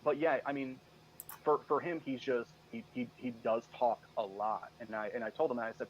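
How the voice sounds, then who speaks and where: A man's voice: medium pitch, steady tone, moderate pace, highs cut off, slight background noise. A man telling stories in a casual interview, rambling with many "you know" fillers and acting out what others said, from Michigan. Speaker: guest.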